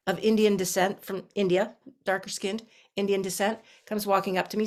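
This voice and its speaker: A middle-aged woman talks as an interview guest, spinning a personal story. She acts out the people in it with lively voices and often restarts her sentences as she goes. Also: medium pitch. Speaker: herbalist guest.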